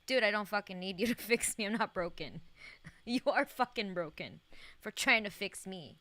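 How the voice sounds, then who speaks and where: A woman's voice: medium pitch, expressive, normal speed, bright, forceful tone, no echo. A young woman streaming a video game, chatting casually in a rambling way, full of fillers and swearing and laughing often. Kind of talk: casual live-stream gaming chat.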